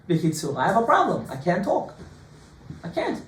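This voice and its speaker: A man, a rabbi, giving an informal Torah class to students, lively and joking, full of rhetorical questions. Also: high-pitched, unhurried, pauses often. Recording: echoey room, distant mic, faint hiss.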